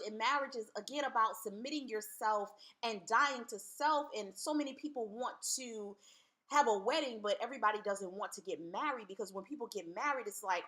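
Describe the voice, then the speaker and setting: A woman's voice: fairly high pitch, a bit bright. A woman talking earnestly and candidly to camera as a Christian vlogger, casual and full of "like". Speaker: Christian vlogger giving marriage advice. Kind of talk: casual faith talk to camera.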